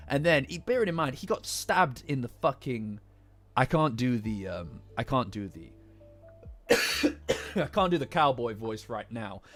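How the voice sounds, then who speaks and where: A man's voice: medium pitch, big pitch swings, a little slow, fairly bright tone. Casual Midlands-accented male streamer, post-flu, rambling and swearing; faint lofi music behind. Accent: English Midlands. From England. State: recovering from flu. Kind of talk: casual live-stream chat.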